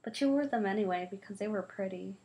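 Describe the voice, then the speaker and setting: Female reader for storybook narration; lively delivery with voiced dialogue. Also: mid-range voice, fast talker, poor audio. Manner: lively, shifts voices for the children's quarrel. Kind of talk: reading a novel aloud.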